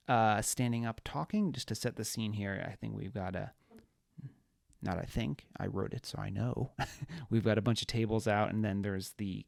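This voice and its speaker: Gravelly-voiced man rambling through a book. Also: fairly low pitch, darkish tone, no room sound, studio quality. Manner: rambling, many fillers and self-corrections. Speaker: author and podcast host. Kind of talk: casual book discussion.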